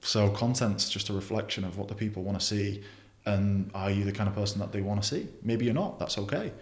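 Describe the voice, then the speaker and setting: A man's voice: on the low side, a little fast, reverberant. A young man talking bluntly in a casual interview, swearing often and restarting his sentences. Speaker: podcast guest.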